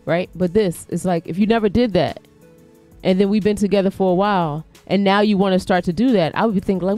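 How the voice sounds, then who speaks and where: A woman's voice: mid-range voice, steady tone, fast, mellow, faint music behind. A woman co-hosting a talk show, talking casually and pressing her point directly. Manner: direct, insistent, explaining a point.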